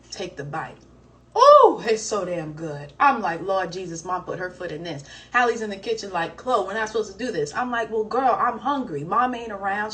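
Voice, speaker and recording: A young woman from the American South telling a story in a casual, animated and dramatic way. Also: medium pitch. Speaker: singer on a livestream. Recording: distant mic, faint background noise.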